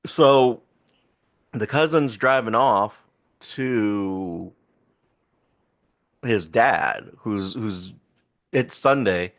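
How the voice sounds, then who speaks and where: A man's voice: lowish voice, extremely slow, long pauses, a bit bright. A man co-hosting a podcast, casually retelling a film plot in a rambling way with laughs. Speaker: podcast co-host. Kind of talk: casual film review chat.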